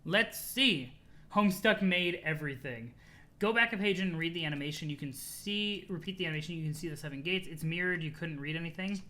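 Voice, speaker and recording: A streamer reading a webcomic aloud live, chatty and excitable, reacting to chat. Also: medium pitch, brisk.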